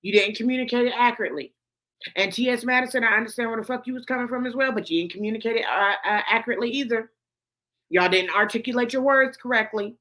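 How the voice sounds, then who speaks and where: A woman's voice: fairly high pitch, quick pace, a bit bright. A woman host giving blunt, profane commentary to camera, swearing heavily and repeating her points for emphasis. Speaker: host of a gossip commentary show.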